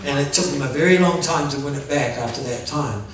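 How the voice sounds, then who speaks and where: A man preaching a sermon to his church, animated and often laughing, calling out for amens. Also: medium pitch, brisk. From New Zealand. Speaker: pastor. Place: church hall. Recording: very echoey hall, voice from far off. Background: congregation answering.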